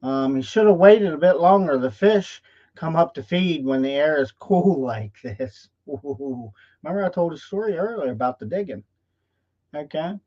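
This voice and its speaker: A man's voice: on the high side, lively intonation, moderate pace, dark tone. A male host tells a folksy motivational story in a live stream, often checking in with "okay?", recorded in dull lo-fi livestream audio.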